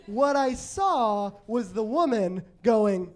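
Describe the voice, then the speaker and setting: A man telling stories in a stand-up set on a comedy club stage, halting and self-deprecating, with many restarts. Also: extremely high pitch. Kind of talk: stand-up storytelling.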